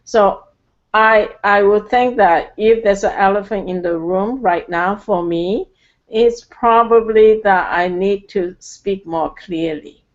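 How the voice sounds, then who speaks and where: A woman guest from Canada speaking slowly and carefully, with many pauses and fillers. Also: medium pitch, lo-fi sound. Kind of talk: casual chat.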